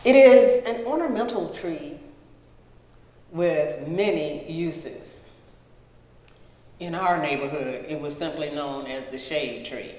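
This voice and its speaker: A storyteller reads a personal memoir aloud before a live gathering. The delivery is very slow and measured, each phrase set apart by pauses, at a middle pitch. The voice carries a long, roomy hall reverb. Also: expressive, a little mellow.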